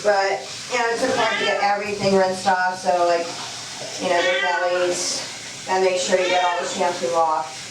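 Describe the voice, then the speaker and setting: Narrating a casual vlog, a cat owner talks to the camera as she washes her cats in the bathroom tub, calming them throughout. Her lowish voice holds fairly flat at normal speed, and the distant mic catches bathroom echo, running water, and background noise.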